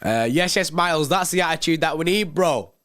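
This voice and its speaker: A man's voice: on the high side, expressive, fairly quick, fairly bright tone. Laid-back man hosting a livestream. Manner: laid-back, chatty, reads out viewer comments. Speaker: fan channel livestream host. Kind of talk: casual livestream chat.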